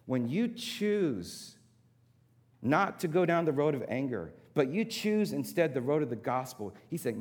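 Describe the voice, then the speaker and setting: A man's voice: on the high side, very animated, measured pace. A man preaching a sermon, repeating words for emphasis and turning to the congregation with casual asides. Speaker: pastor. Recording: long hall reverb.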